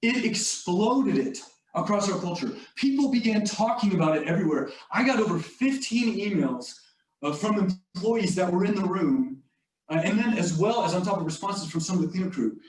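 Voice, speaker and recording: A man's voice: high voice, animated, moderate pace. A man giving a motivational leadership talk, telling a workplace story in a conversational way with many asides to the audience. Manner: storytelling, conversational with filler "like" and "you all". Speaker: leadership speaker. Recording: echoey room, distant mic.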